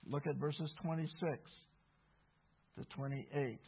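Male pastor, sermon delivery, husky tone, emphatic repetition, lo-fi phone-like recording. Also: on the high side, steady tone, slow pace. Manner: earnest, emphatic, repeats key phrases. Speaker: preacher. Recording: tinny phone-like sound.

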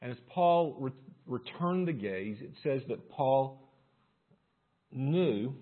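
A man's voice: medium pitch, lively intonation, slow pace, narrow, tinny audio. A man preaching a sermon and reading scripture aloud, building force as he reads. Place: church service room.

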